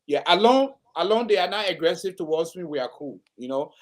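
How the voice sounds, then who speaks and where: A man's voice: high-pitched, lively intonation, brisk. A man hosting a casual live-stream panel chat, rambling with stammered restarts and frequent laughter. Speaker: host.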